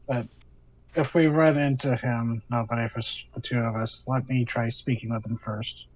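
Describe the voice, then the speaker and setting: A man's voice: medium pitch, steady tone, normal speed, a little mellow, a little hiss or hum, poor audio. A man playing a tabletop game, thinking aloud and planning with many fillers. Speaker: player.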